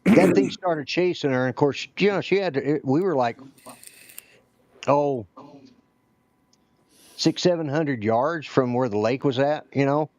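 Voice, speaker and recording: A man's voice: medium pitch, a little mellow, no room sound. Man, folksy storyteller, rambling, casual chat, a bit muffled. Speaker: guest.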